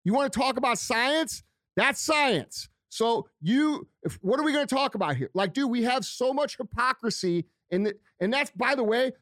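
Man, heated profane rant, high-pitched voice, dry close sound. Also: a bit bright, no room sound. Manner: profane, heated, repeating himself for emphasis. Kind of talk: angry ranting monologue.

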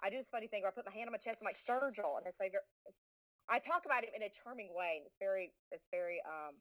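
Fast-talking Southern woman, animated. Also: mid-range voice, narrow, tinny audio. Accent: Southern American. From American South. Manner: animated, swears freely, many restarts. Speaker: podcast guest. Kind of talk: casual chat. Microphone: remote call.

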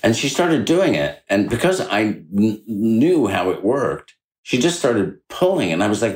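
A man's voice: unhurried, rough recording. A middle-aged man, a guest on an interview, telling a story in a chatty way and acting out the quoted voices. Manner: animated anecdote-telling, acting out quoted dialogue with big jumps in pitch. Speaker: author and guest.

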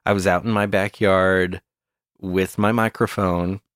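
A man co-hosting a satirical comedy podcast, talking in a mock-serious, deadpan way and often breaking into laughs. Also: low-pitched, a little slow, clear, resonant tone. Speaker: podcast co-host.

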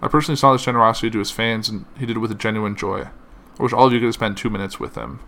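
A man reading a statement and a series of tributes aloud, halting often with fillers and stumbles, and saying it is hard to keep going. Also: lowish voice, pushed and bright. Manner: halting, with frequent uh fillers and self-corrections. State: emotional, finding it hard to continue.

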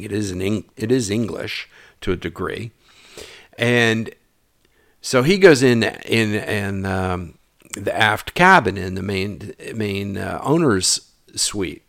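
Low-voiced man telling a story. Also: dry recording, clean studio sound. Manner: animated, acts out dialogue, drops to mutters. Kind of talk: casual personal storytelling.

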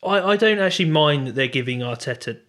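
A man's voice: medium pitch, expressive, quick pace, fairly bright tone. A man co-hosting a casual football podcast, hesitant, with many restarts, laughing easily. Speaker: podcast co-host.

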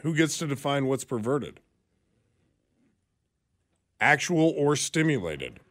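A man co-hosting a radio show, reading news items and reacting with incredulous, animated banter. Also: mid-range voice, takes it slowly.

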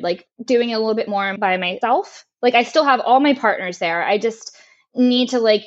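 A young woman in an interview, talking candidly and with feeling about her racing, laughing often and swearing freely. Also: medium pitch. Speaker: podcast guest, race car driver. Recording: lo-fi muffled audio.

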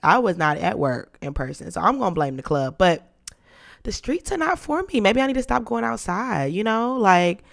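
A young woman hosting a podcast in casual chat, playful and dramatic, her voice lowered and rough from being sick. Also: expressive, normal speed. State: sick, voice deeper than usual. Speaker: podcast host.

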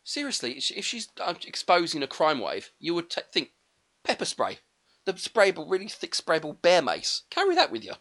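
Man, podcast co-host, quick jokey film chat, bright tone. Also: fairly high pitch. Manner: quick, animated, jokey ranting. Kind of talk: casual chat reviewing a film.

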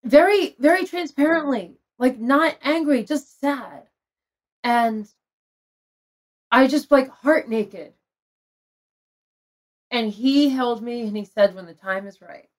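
A woman's voice: high voice, takes it slowly, pauses often. A middle-aged woman candidly telling an emotional personal story in conversation, laughing often. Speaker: guest telling her story.

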